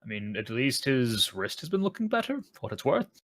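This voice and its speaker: A man's voice: medium pitch, big pitch swings, brisk, a bit bright. A man talking in character as a tabletop roleplaying player, playful and teasing.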